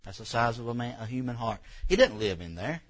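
A man's voice: mid-range voice, big pitch swings, a little fast, a little hiss or hum, rough recording. A man in his thirties preaching a sermon in church, folksy and emotional, telling personal stories that rise toward tears. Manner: folksy, emotional storytelling, rising to near tears. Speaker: pastor.

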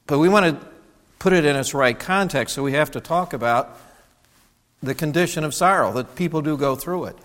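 A man's voice: medium pitch, fairly bright tone. A middle-aged man preaching a sermon as pastor, earnest and personal, often restarting his sentences. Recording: long hall reverb.

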